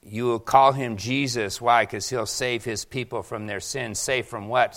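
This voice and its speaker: A man preaching a sermon to his congregation, animated, asking rhetorical questions and acting out quotes. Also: mid-range voice, unhurried, few pauses. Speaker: pastor.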